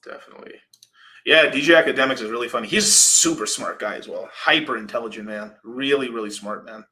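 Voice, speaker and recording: A man's voice: mid-range voice, quick pace, sharp tone. A young man hosting a casual crypto livestream, rambling loosely, swearing freely and reading out viewer super chats.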